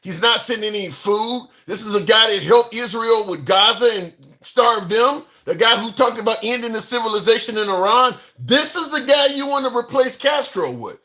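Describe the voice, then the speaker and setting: A man argues politics in a combative, emphatic way, using casual slang. His voice is high and very bright. He presses every point hard. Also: lively intonation, normal speed, few pauses. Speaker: podcast co-host. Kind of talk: heated political debate.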